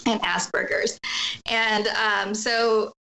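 A woman's voice: mid-range voice, little pitch movement, takes it slowly, creaky, sharp tone, rough recording. A middle-aged woman candidly telling a personal story as an interview guest, acting out what others said in emotional retellings. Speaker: guest sharing her story.

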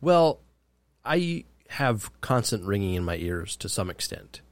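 A man's voice: on the low side, very animated, measured pace, dry recording. A man co-hosting a podcast in casual chat, teasing and wry. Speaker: podcast co-host.

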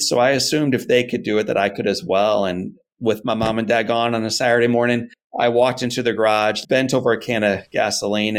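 A man being interviewed, telling a personal story in an earnest, animated way and acting out his parents' words. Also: mid-range voice. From United States. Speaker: guest.

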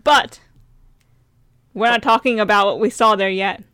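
A woman's voice: medium pitch, unhurried, a bit bright, smooth, no room sound. A woman from Maryland co-hosting a podcast, chatting casually with teasing banter and frequent laughter. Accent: Maryland American. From Maryland, USA. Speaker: podcast co-host. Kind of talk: casual chat.

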